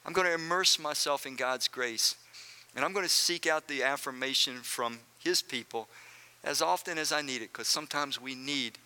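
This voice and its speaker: A man's voice: mid-range voice, pushed and bright, smooth. A male pastor preaching a sermon, speaking earnestly and directly to his congregation and repeating phrases for emphasis.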